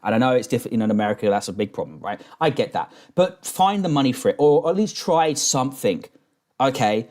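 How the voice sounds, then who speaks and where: A man's voice: medium pitch, sing-song, brisk, a little mellow. A man streaming a reaction who rants angrily, swears constantly and talks in rambling restarts while drinking. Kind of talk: profane reaction rant.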